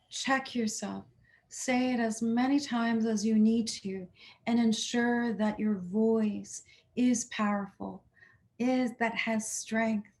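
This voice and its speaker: A woman's voice: mid-range voice, darkish tone. A woman leading a guided chakra healing meditation, speaking soothing affirmations for listeners to repeat. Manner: slow, soothing, affirming, leads repeat-after-me statements.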